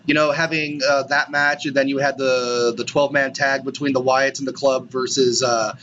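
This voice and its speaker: A man's voice: medium pitch, flat delivery, normal speed, a bit bright, highs cut off, slight background noise. A man co-hosting a podcast in casual chat, rambling with lots of "you know" and "like". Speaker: podcast co-host.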